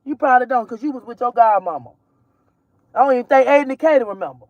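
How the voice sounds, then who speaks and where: A woman's voice: fairly high pitch, fast talker, no room sound, lo-fi sound. Blunt, heated woman ranting. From Georgia, US. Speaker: mother vlogger. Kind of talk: casual ranting vlog. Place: in a car while driving.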